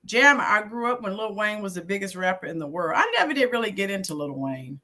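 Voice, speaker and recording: She talks briskly and with animation, her medium-pitched voice pushed and bright. A middle-aged woman hosting her own channel as a YouTube host and teacher, she chats live with viewers, reminiscing and responding to them by name.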